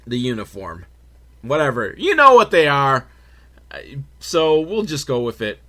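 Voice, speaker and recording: A man's voice: mid-range voice, very animated, unhurried, bright, forceful tone. Rambling, sarcastic male podcast host. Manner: rambling, sarcastic, swears freely, makes noises for quotes. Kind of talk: comedic film recap.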